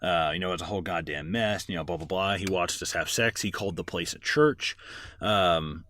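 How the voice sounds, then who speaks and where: A man's voice: low-pitched, normal speed, pushed and bright, a little hiss or hum. A man co-hosting a casual movie podcast, rambling through plot recaps with lots of fillers and swearing. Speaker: podcast co-host.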